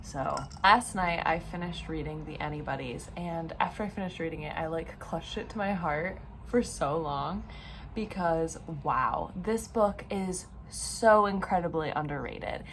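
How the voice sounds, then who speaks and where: A woman's voice: deep voice, a little slow, slight background noise. A young adult woman vlogging in a bubbly, gushing way, full of "like" and "oh my gosh". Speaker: book vlogger. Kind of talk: casual vlog chat.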